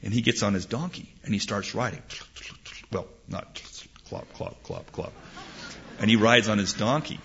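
A man preaching in an animated sermon-storytelling style, often repeating words as he restarts. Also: lowish voice, moderate pace, creaky, pauses often, a little hiss or hum. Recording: dull lo-fi recording.

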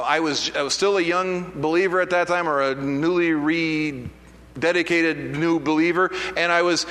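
High, bright-voiced man preaching in a hall. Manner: conversational, self-deprecating storytelling with many restarts. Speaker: pastor. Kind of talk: sermon. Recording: preached in a hall with long reverb.

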